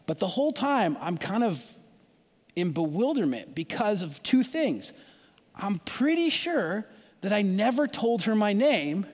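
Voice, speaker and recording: A man with a fairly high voice tells a story from the pulpit, animated and full of restarts and asides. A long hall reverb trails behind his words. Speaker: preacher. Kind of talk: sermon storytelling.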